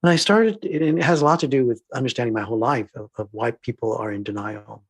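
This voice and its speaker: Guy w a husky voice telling workshop stories, swings soft to emphatic. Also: medium pitch, fast talker. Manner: thoughtful, acts out dialogue, shifts between soft and emphatic. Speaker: diversity trainer and filmmaker, guest. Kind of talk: reflective storytelling interview.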